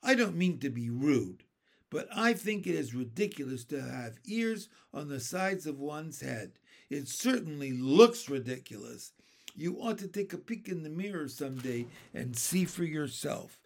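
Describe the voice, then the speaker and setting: A rude, grinning centipede scoffs and teases in a loud, lively voice, as a man puts him on. The delivery is mocking and gravelly. It is a storybook voice. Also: a little high, unhurried, heavily acted. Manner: scornful, teasing.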